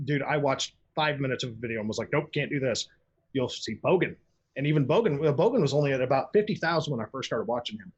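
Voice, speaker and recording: On a muffled recording, a podcast guest speaks quickly and animatedly with a breathy edge to his voice. He's blunt and crude in this casual chat, rambling through tales and slipping into quoted voices with sharp pitch leaps.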